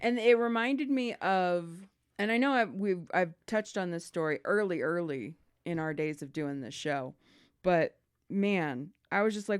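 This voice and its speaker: A woman's voice: lowish voice, measured pace, smooth. A woman co-hosting a podcast, telling a work story in casual chat and swearing freely. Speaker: podcast co-host.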